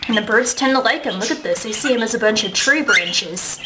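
A woman's voice: expressive, fairly quick, very noisy. Woman cooing at her pet birds. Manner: coos at her birds in a high sing-song voice. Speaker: pet bird owner filming her birds. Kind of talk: casual home video narration. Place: home room with a china cabinet. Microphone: handheld camera. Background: bird chirps and squeals.

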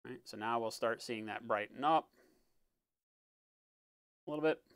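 Smooth-voiced man teaching miniature painting. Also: medium pitch, a little slow, no room sound. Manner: relaxed, explanatory, often ends with "right?"; muttering while working. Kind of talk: live-stream painting tutorial.

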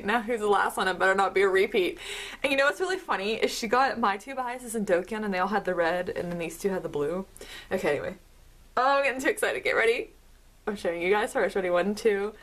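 A woman vlogger talking through an album unboxing, gushing and excitable as she speaks to the camera. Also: medium pitch, a little fast. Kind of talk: casual unboxing commentary.

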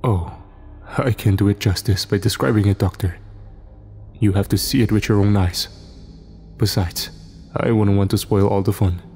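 A man's voice: fairly low pitch, fairly even intonation, normal speed, pauses often, a little mellow, breathy edge, soft background music. Mister Adebayo, a suave, secretive employer, as a man voices him. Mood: smooth, secretive. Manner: courteous, well-spoken, teasing. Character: eccentric, polished, secretive male employer.

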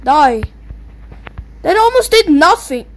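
A young woman giving excitable, taunting commentary while playing a video game, yelping and squealing at the action. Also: takes it slowly. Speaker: gamer. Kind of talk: gameplay commentary. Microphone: low-quality mic. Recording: faint noisy low-quality mic.

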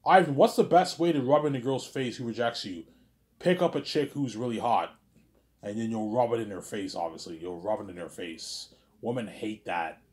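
A man with a somewhat low voice rambles through a casual to-camera monologue. He trips over his own words and keeps circling back to the same pet phrases. His talk is loose and peppered with crude slang. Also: moderate pace, a little mellow. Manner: repeats "obviously" and "you know what I'm saying", stumbling restarts, crude slang. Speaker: vlog host talking to camera.

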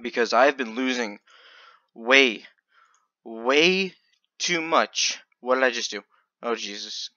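A man commentating his online gambling in a casual video, stammering and swinging between loud excitement and quiet muttering. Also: medium pitch, measured pace, pauses often, no echo, muffled recording. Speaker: gaming video creator.

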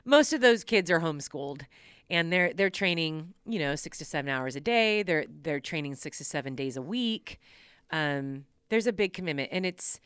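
A woman hosting a podcast, telling personal stories in a casual, animated way and laughing often. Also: low voice, moderate pace, smooth, dry recording. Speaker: podcast host. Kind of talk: casual storytelling chat.

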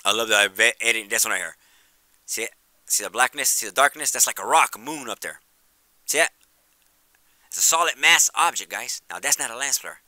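Excited man pointing out sky footage. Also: mid-range voice, fairly quick, dry recording. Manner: soft-spoken and apologetic. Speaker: video creator. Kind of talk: casual vlog commentary.

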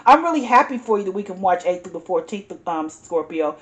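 A woman's voice: mid-range voice, very animated, brisk. A woman giving an earnest, encouraging tarot reading, repeating herself and calling the listener honey. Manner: emphatic, repeats herself, says "honey" and "y'all". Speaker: tarot reader.

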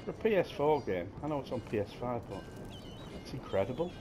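A man's voice: medium pitch, sing-song, fairly quick, noisy background. A man commentating his gameplay and swearing crudely as he jokes at game characters.

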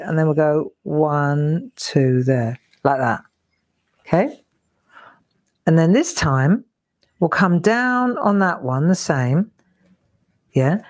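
A woman's voice: low voice, a little mellow. A woman leading a live craft demonstration, chatting and counting strokes aloud as she draws. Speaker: craft tutor. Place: home craft studio.

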